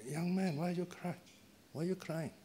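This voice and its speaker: A man's voice: high voice, fairly even intonation, moderate pace, dark tone, slight background noise, voice pushed up, lightly acted. A man voicing a stingy old Brahmin father who exclaims in a raised, incredulous voice. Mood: pleading.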